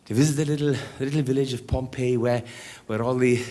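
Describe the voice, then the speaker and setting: A Welsh comedian and singer telling rambling, chatty anecdotes to a live crowd. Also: male voice, medium pitch, fairly even intonation, fast talker, mellow. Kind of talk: live stand-up storytelling. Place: live show in a large hall. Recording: live hall recording with music.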